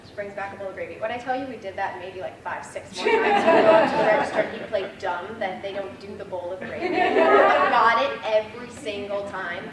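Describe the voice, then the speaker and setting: A young woman in her twenties shares funny memories at a memorial, chatty and full of fillers. She sounds far from the mic in a roomy, echoing hall. The noisy room is clearly heard behind her. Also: medium pitch. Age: 20s. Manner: chatty, laughing, storytelling with many fillers. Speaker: granddaughter giving a eulogy. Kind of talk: memorial speech with funny stories.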